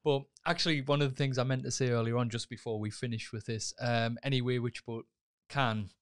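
A man co-hosts a film podcast, telling stories with an animated, laughing energy. His voice sits at an ordinary middle pitch. The talk is loose and casual. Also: a little fast, clear, resonant tone. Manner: animated storyteller who laughs and acts out scenes. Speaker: podcast co-host. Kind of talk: casual chat about films.

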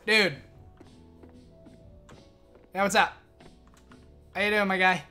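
A young man streaming a game live, chatting excitedly, swearing and thanking his viewers. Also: sits high, normal speed, clear, resonant tone, soft background music.

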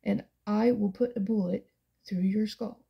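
A woman voicing a tense young man who threatens his father in a clipped, restrained way, with a husky voice. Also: medium pitch, steady tone, a little slow, muffled recording, heavily acted.

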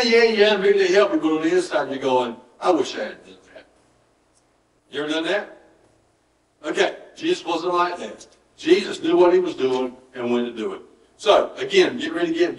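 A Southern pastor delivering a folksy, conversational sermon, his voice a bit higher than most men's. He is picked up from some distance in an echoey church room. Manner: folksy, conversational preaching with acted-out quotes. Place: church sanctuary.

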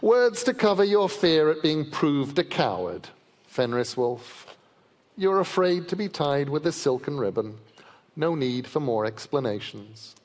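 A man's voice: a little high, lively intonation, measured pace, pitched above the performer's own voice. A man reading aloud and voicing the aged father of the gods, cunning and coaxing, with a persuasive, needling way of talking. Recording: long reverb of a large festival hall.

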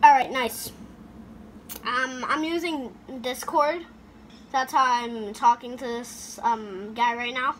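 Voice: mid-range voice, steady tone, takes it slowly, a little hiss or hum. A gaming YouTuber giving goofy, chatty commentary over gameplay, talking into a headset mic. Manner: chatty, goofy, makes sound effects.

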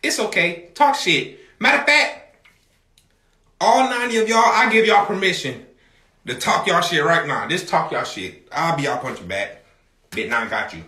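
A man hosting a livestream, talking casually to his viewers in a loud, rambling, profane way and often shouting. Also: high voice, animated, normal speed, reverberant.

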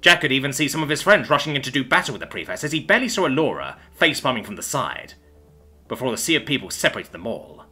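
Guy reading a sci-fi story, bright husky voice, swings all over, faint music behind. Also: medium pitch, quick pace. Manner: expressive, animated reading. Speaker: narrator and author. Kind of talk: scripted story narration.

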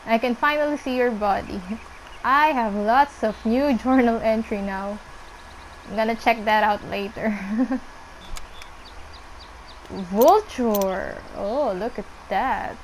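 A young woman casually commenting on her gameplay, chatting to the animals on screen and squealing when excited. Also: on the high side, takes it slowly, long pauses, a little hiss or hum, low-quality recording. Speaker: gameplay streamer.

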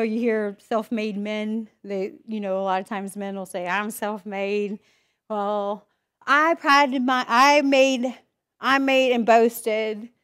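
A woman's voice: a little high, fairly bright tone. A woman sharing a candid personal testimony at church, telling her story with emotion and acting out her own inner voice. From Idaho, US. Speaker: church speaker giving testimony.

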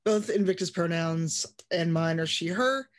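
A woman's voice: fairly low pitch, unhurried. A woman who owns the channel, introducing herself as a player, teasing and laughing through happy tears. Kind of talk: casual chat.

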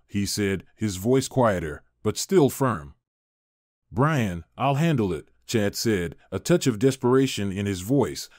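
A man narrating a scripted drama story in an expressive, dramatic manner. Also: medium pitch, no room sound, studio quality.

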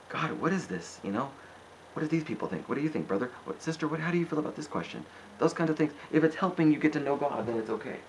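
A man at an ordinary middle pitch gives an informal, impassioned sermon. He gets worked up, pleads and exhorts, and his sentences restart and wander. A faint hiss runs under his voice. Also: low-quality recording. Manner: rambling with restarts and frequent "you know". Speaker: preacher answering questions.

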